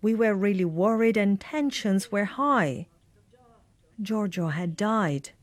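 A woman reading a translated voice-over in a measured way. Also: medium pitch, expressive, no room sound.

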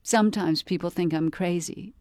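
A woman's voice: on the low side, normal speed, mellow, no echo, studio quality, voice pushed up, close to an everyday voice. A woman putting on a reedy, apologetic pet psychic. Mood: rueful. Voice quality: tired, reedy voice. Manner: hesitant, apologetic, earnest. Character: odd, apologetic female pet psychic stranger. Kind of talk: read-aloud storybook narration.

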